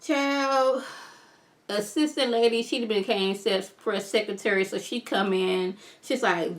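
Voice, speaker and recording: A woman recaps a TV episode in a loose, chatty video, addressing viewers directly. Her delivery is animated and conversational, with pitch of a typical adult woman's voice. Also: takes it slowly. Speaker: TV show reviewer.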